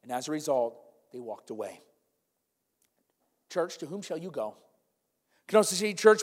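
A male pastor preaching a sermon, swinging from loud, urgent calls to hushed intensity. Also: high voice, expressive, moderate pace, pauses often. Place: church sanctuary. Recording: long church reverb with faint music.

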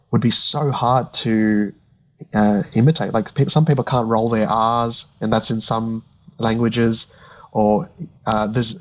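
Young male co-host, relaxed and agreeable, slightly muffled lo-fi audio. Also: fairly low pitch. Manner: easygoing, agreeable, thinks aloud with fillers. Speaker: podcast co-host. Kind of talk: casual chat.

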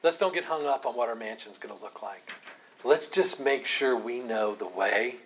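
A man's voice: medium pitch, moderate pace, fairly bright tone, a little hiss or hum. A man leading a Bible study, explaining Scripture in a conversational way and often asking rhetorical questions.

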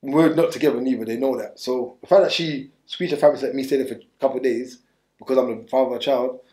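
A man's voice: medium pitch, fast talker, darkish tone, roomy sound. A man telling his story bluntly in street slang during an interview, rambling and restarting as he goes. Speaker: interview guest.

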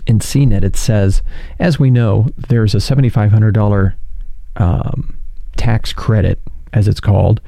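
Dark-voiced sarcastic male commentator. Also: lowish voice, fairly even intonation, a little slow, gravelly, no echo, clean studio sound. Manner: incredulous, sarcastic, addresses viewers as folks; reads news quotes aloud. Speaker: political commentary host. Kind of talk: casual political commentary.

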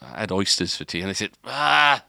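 Guy on a podcast, kinda low but bright voice, rambly story, lots of restarts, dry close mic. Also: animated, rapid-fire, gravelly, dry recording. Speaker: podcast co-host. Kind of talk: casual storytelling.

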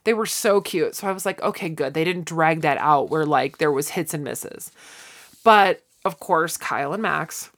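Animated woman gushing about a sitcom. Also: sits low, moderate pace. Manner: animated, acts out scenes in quoted voices. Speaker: podcast co-host. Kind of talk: casual chat.

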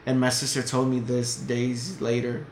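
A man's voice: medium pitch, little pitch movement, moderate pace, darkish tone. A man telling a story in casual chat as a podcast guest, blunt and heated, swearing often. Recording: echoey room, faint noise.

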